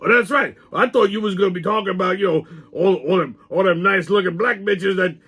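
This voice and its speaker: A crude, boozy old sidekick, voiced by a man barks out his lines in a high, blustering voice. He cackles and swears freely. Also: brisk, a bit bright, breathy edge, soft background music. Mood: rowdy. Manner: brash, profane, cackling.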